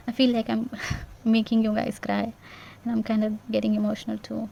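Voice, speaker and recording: Woman, tarot reader, gravelly voice, mellow tone, reassuring, repetitive, faint background hum. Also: a little high, completely flat delivery, normal speed, few pauses. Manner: gentle, repetitive, reassuring with frequent "yeah?". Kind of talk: casual intuitive tarot reading.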